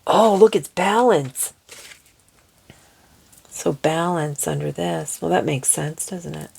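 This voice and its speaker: A woman's voice: sits low, gravelly, a little mellow, slightly rough. A woman giving a casual oracle card reading, chatty and giddy, laughing often and reading card texts aloud. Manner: slow, careful over unfamiliar words.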